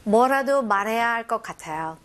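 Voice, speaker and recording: A woman teaching English phrases to learners, switching between languages, modeling lines slowly and laughing between points. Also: a little high, lively intonation, slight background noise. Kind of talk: bilingual language lesson.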